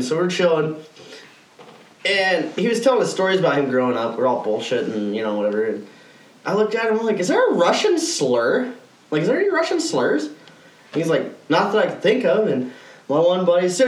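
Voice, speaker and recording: A man's voice: fairly high pitch, reverberant, far from the mic, poor audio. A man co-hosting a podcast, telling rambling, profane stories in casual chat and laughing often. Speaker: podcast co-host.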